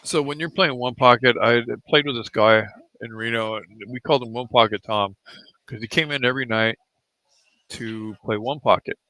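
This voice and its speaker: A man's voice: medium pitch, moderate pace, pushed and bright. A man giving casual live commentary on a pool match in a pool hall, laid-back and chatty, drifting into rambling anecdotes with chuckles.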